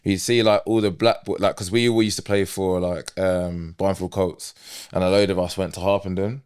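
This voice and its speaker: A man from England hosting a casual podcast conversation in a relaxed, upbeat way. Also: sits low, normal speed, smooth. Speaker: podcast host.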